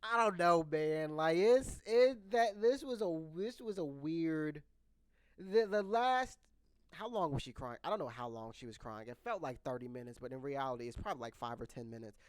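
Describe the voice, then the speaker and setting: A man's voice: fairly high pitch, expressive, normal speed, smooth, no room sound. A young man in his twenties candidly telling a rambling personal story to his viewers. He restarts his sentences often as he goes. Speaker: vlogger. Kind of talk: casual storytelling. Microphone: microphone close by.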